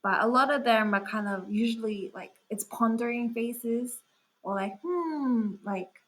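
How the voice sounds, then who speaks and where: A woman's voice: a little high, fairly even intonation, normal speed, a bit bright, rough recording. A young woman chatting as an interview guest, talking casually with lots of fillers. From Australia. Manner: chatty, full of "like" fillers and laughs. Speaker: guest artist.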